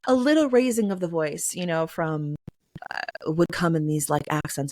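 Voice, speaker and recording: Brief: woman guest, lowish voice, chatty and animated in conversation, dry close sound. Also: moderate pace, dry recording. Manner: chatty, many fillers, acts out sounds. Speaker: guest, poetry reader. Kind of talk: casual interview answers.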